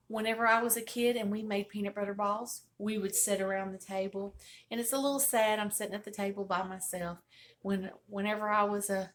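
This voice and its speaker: A woman's voice: mid-range voice, a little hiss or hum. An older woman hosting a home cooking video, chatting in a folksy way from her table at home. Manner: folksy and chatty, churchy greetings. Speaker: host of a home cooking channel. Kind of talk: casual chat while cooking.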